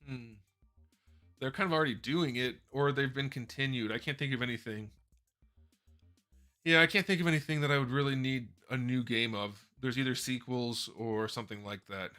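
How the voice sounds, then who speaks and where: A man reads out viewer questions and answers them off the cuff on a live stream, often stopping mid-word to rephrase. His voice is bright and forward. Quiet music plays faintly behind him as he talks into a desk mic. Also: medium pitch, normal speed. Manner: chatty, rambling, self-correcting. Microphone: desk microphone. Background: faint background music.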